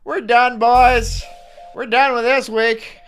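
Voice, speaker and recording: A man's voice: very high voice, flat delivery, slow, a bit bright, smooth, soft background music. A man co-hosting a stream, chatting casually with sarcastic, dismissive remarks. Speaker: stream co-host. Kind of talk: casual chat.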